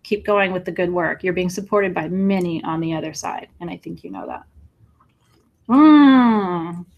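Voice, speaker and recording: A woman hosting a live crystal sale online, talking excitedly to viewers in an emotional, gushing way and laughing often. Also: lowish voice, a little slow, creaky, lo-fi sound. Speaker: livestream crystal seller. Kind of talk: live sales stream, chatting with viewers.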